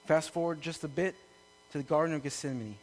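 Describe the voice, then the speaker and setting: A man preaching a sermon to a congregation, building from calm teaching to loud, impassioned peaks. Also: on the high side, brisk. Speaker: pastor. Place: room with an audience.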